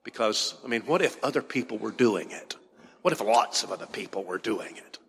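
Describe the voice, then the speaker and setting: A man's voice: lowish voice, animated, fairly quick, creaky, fairly bright tone, breathy edge. A man preaching a sermon from a church pulpit, pressing his points with repeated rhetorical questions. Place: church sanctuary. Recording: long hall reverb.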